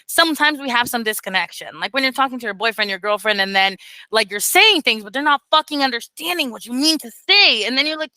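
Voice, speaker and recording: A woman mentoring beginner teachers in casual talk, expressive and blunt, swearing freely and acting out quotes, speaking over a video call. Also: high voice, brisk, no room sound, low-quality recording.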